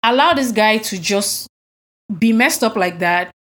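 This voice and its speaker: A woman's voice: mid-range voice, animated, measured pace, fairly bright tone. Indignant woman recounting a story. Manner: indignant, emphatic storytelling with rhetorical questions. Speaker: podcast co-host. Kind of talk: casual conversational chat.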